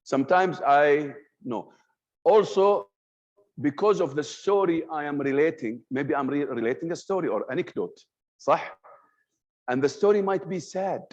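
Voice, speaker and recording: A man's voice: a little high, moderate pace. A man, an Arabic speaker, lecturing a class on communication and freely raising and dropping his voice as he mixes Arabic words into his English. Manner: animated, swings his voice up and down on purpose. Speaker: trainer in communication skills. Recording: dull lo-fi sound.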